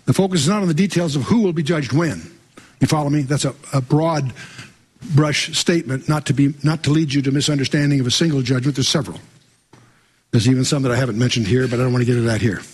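A man's voice: medium pitch, fast, husky. A man teaching verse by verse through the Bible, reading scripture aloud and breaking in with wry asides and quizzing questions to his listeners.

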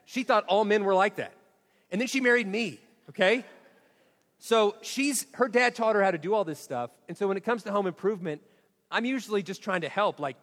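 A man's voice: high-pitched, fairly bright tone, in a large hall. A man telling a humorous, self-deprecating story to an audience. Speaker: speaker.

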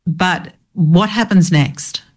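A woman hosts an interview and poses questions with care. Her voice sits very low for a woman, and she speaks slowly and deliberately, with a measured and unhurried manner. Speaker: podcast host. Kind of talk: interview chat.

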